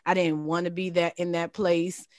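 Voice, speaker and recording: A woman telling a personal story in casual chat, animated and laughing, jumping much higher when she quotes herself. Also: moderate pace, dry recording. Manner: animated, laughing, leaps high in quoted lines. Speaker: podcast guest.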